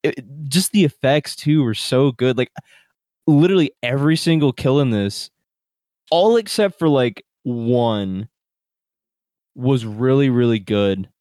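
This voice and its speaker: A man casually chatting about a horror film as a podcast co-host, excitable, laughing often and swearing freely. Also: mid-range voice, unhurried, no echo, clean studio sound. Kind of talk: casual horror movie review chat. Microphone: computer microphone.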